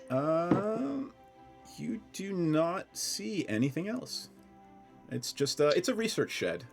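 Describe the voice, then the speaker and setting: Lively, wry male game master. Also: mid-range voice. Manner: wry, laughs easily, animated delivery. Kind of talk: narrating a tabletop game.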